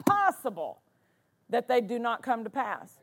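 A woman's voice: fairly high pitch, big pitch swings, measured pace, creaky. A woman pastor preaching a sermon, driving points home by repeating words for emphasis.

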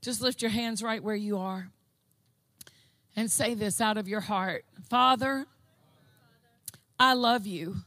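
A woman preaching a fervent sermon, repeating phrases and building to shouted declarations. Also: medium pitch, slow pace, pauses often, no room sound. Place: church service.

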